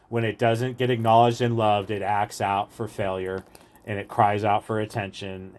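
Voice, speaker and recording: Man, low-ish voice, earnest rambling recovery share, casual. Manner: earnest, rambling, repeats "like" and "right". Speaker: recovery meeting speaker.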